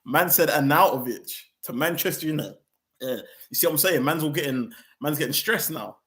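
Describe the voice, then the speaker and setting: Fuming young football fan ranting. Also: male voice, on the high side, fairly quick, a bit bright. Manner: angry, slangy, heated rhetorical questions. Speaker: football fan channel host.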